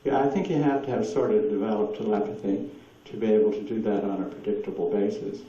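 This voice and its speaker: A man with a fairly low, warm voice speaks quickly and with fairly even intonation during a lecture with audience Q&A. He's a rambling, anecdotal storyteller who laughs often. The sound is dull, hissy lo-fi in a distant, echoey room.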